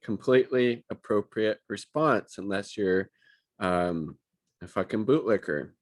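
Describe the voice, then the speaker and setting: A man's voice: fairly low pitch, measured pace, no room sound. A man reading news items aloud and giving angry, profane, sarcastic commentary on them. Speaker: political commentator.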